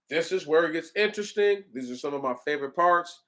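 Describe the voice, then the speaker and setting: A man's voice: fairly high pitch, expressive, fast, few pauses, a bit bright. A man reading the Bible aloud and explaining it in an earnest, candid, conversational way. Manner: once stuttered. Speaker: preacher.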